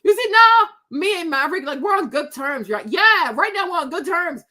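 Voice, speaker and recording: A middle-aged woman telling a story to her viewers in casual chat, animated and sassy, laughing often and acting out quotes. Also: very high-pitched, moderate pace. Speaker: vlogger.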